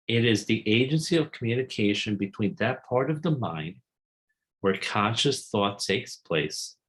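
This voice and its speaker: A man's voice: on the low side, rough recording. A man giving an earnest, explanatory summary of a self-help book, reading quotes aloud and then explaining them.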